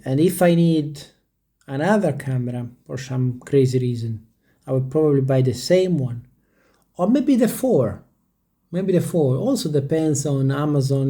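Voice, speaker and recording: Hesitant rambling man, mellow voice. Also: medium pitch. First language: not English. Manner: rambling, hesitant, with many restarts; stumbles over word pronunciation. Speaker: vlogger. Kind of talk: casual talk to camera.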